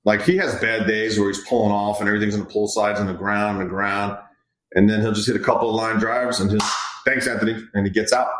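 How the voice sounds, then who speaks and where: Low-voiced man in an echoey room. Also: quick pace. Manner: relaxed, rambling, acts out quoted players. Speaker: hitting coach. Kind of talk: casual interview chat.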